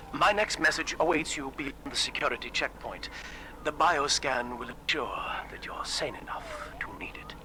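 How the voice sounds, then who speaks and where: A grave, measured scientist speaks into his own audio diary, sometimes sinking to a hush, as an actor plays him. His voice sits in a middle range. A clear hiss runs under the recording. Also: medium pitch, close to an everyday voice.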